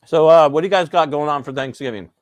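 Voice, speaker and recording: A man casually chatting while hosting a live breakfast cooking stream, rambling and relaxed with plenty of fillers. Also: on the high side, quick pace, no room sound. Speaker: host.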